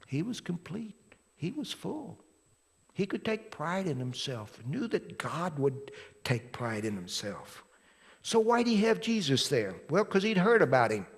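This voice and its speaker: Slow-preaching pastor in a reverberant church. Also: male voice, fairly high pitch, sing-song, creaky, slightly rough. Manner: dramatic storytelling, swings from loud to hushed. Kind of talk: sermon. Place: church sanctuary. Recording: long hall reverb from a church.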